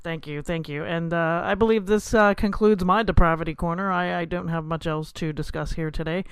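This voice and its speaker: A woman's voice: lowish voice, fairly even intonation, fairly quick, clean tone, dry recording. A woman co-hosting a podcast, laughing and teasing in a scattered, casual way. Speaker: podcast co-host. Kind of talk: casual chat.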